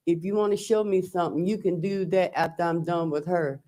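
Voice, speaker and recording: A woman testifying in court, speaking slowly and haltingly as she reads her messages aloud. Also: lowish voice, fairly even intonation, dark tone. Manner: slow, halting, recounting texts aloud. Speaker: trial witness, defendant. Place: courtroom witness stand.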